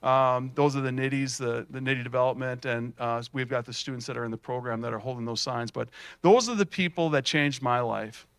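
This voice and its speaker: A middle-aged man giving a folksy, animated keynote at a student showcase, telling stories with many fillers and restarts. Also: mid-range voice, brisk, clean tone, no room sound. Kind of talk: storytelling keynote speech.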